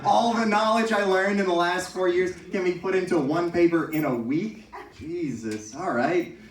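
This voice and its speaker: A man's voice: high-pitched, normal speed. A young man performing a stand-up set, telling stories animatedly with exaggerated impressions of his professors. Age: young adult. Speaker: stand-up comedian. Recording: echoey room, from far off.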